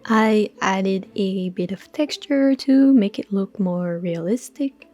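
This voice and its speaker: A woman narrating a craft tutorial in a relaxed voice-over, with dry, understated humor. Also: medium pitch, slow, soft background music. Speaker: crafting channel host.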